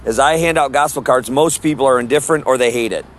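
A man's voice: medium pitch, fast, slight background noise. A man preaching on the street, earnest and emphatic, quoting scripture.

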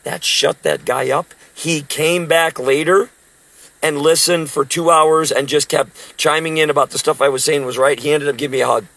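A man's voice: on the high side, fairly even intonation, moderate pace, fairly bright tone, poor audio. A man in his sixties, a street preacher, telling emphatic stories about preaching in a casual talk. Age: 60s. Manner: emphatic, storytelling.

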